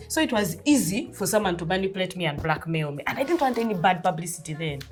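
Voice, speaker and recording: A woman in her thirties with a Ugandan accent, telling a personal story in a casual, animated way, often laughing and acting out dialogue. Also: lowish voice, fast, few pauses, faint music behind. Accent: Ugandan English.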